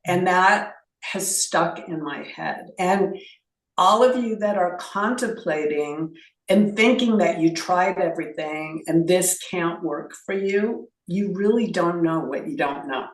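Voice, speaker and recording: An earnest woman speaks slowly and from the heart as an interview guest. She sits away from the mic, and the room gives her voice a noticeable echo. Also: on the low side, distant mic. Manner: earnest and heartfelt, slow-paced.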